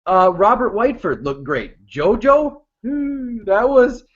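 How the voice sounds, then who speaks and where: A man's voice: sits high, lively intonation, slow, fairly bright tone, dull audio. A man co-hosting a podcast, trading profane, joking sports banter and reading out listener tweets. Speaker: podcast co-host.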